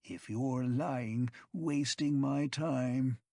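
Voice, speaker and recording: A man putting on a whiny high old seneschal. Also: drawn-out words, creaky, darkish tone, no room sound, clean studio sound. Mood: whining haughty. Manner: whiny, arrogant, snapping. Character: whining haughty old male seneschal.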